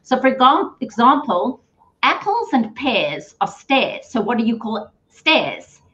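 A woman's voice: fairly high pitch, very animated, measured pace, fairly bright tone, dull audio. A woman hosting a casual interview, upbeat and explaining things with energy. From South Africa. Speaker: host. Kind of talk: casual video-call interview.

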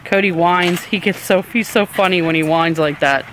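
A woman's voice: fairly low pitch, normal speed, hardly any pauses, noisy background. A woman filming her dogs outdoors on a backyard deck with a handheld camcorder, doting and laughing as she talks to them. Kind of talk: casual home video chat.

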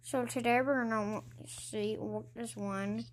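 A woman's voice: fairly high pitch, steady tone, measured pace, slight background noise, pitched below the performer's own voice, lightly acted. A woman voicing a friendly male schoolteacher greeting and quizzing a class in a home-made game role-play.

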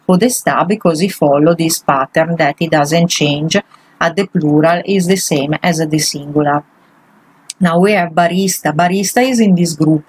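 A woman's voice: on the low side, dry recording, poor audio. A woman, a language teacher, patiently walking through grammar exercises one example at a time. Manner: patient, walks through each example step by step.

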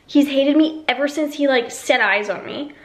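A woman's voice: sits high, moderate pace, a bit bright. A young woman vlogging casually in an emptied apartment, rambling through a story with lots of "like". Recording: echoey empty room.

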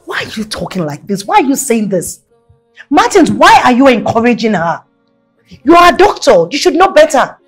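A woman's voice: mid-range voice, very animated, fairly quick, few pauses, husky, faint music behind. An actress with a Nigerian accent playing an overprotective, anxious mother who pleads and insists. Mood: accusing. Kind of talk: film drama acting.

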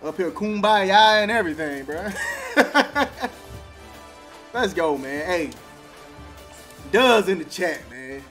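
A high-pitched male streamer speaks at a slow pace with long pauses, soft music playing behind him. He is streaming a football video game, laughing and trash-talking animatedly with slang in casual commentary.

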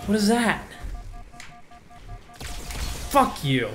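A man's voice: medium pitch, animated, measured pace, long pauses, a bit bright. A young man giving blind playthrough commentary on a video game, exasperated, swearing and laughing at himself. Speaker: gameplay commentator. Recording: game music under the voice.

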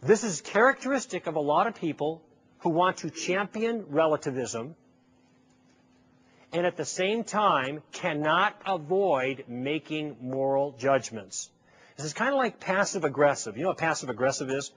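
A man's voice: a little high, lively intonation, moderate pace, a bit bright, slightly rough. A man giving a persuasive lecture to a live audience, telling a story and acting out both sides of a conversation with rhetorical questions. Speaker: public speaker.

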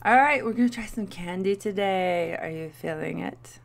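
A woman's voice: mid-range voice, moderate pace, vocal fry, slight background noise. A woman in her thirties doing a playful candy review vlog, with goofy asides. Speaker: vlogger.

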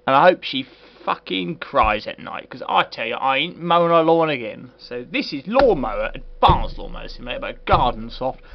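Man, comic game reviewer, fake-posh sarcastic delivery, lively swings in pitch, lo-fi dull recording. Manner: put-on posh voice, sarcastic and sweary. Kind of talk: comedic game review commentary. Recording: dull lo-fi recording with faint hiss.

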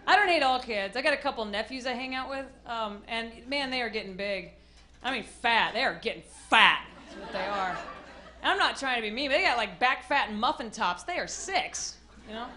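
High-voiced woman doing stand-up. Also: animated, a little fast. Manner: loud acted-out voices and shouts. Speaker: stand-up comedian. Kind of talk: stand-up comedy set. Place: comedy club stage. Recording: live club with noisy crowd.

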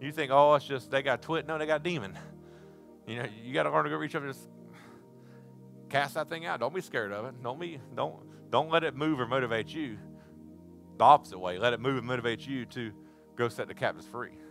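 Male preacher, folksy storyteller given to shouts, bright forceful voice. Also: medium pitch, fairly quick, vocal fry, faint music behind. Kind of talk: sermon. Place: church service.

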